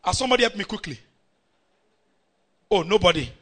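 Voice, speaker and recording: Nigerian male preacher, middle-aged, very high and bright voice, fiery delivery, works the congregation. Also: normal speed. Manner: animated, bursts into shouting, calls on the congregation. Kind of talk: sermon.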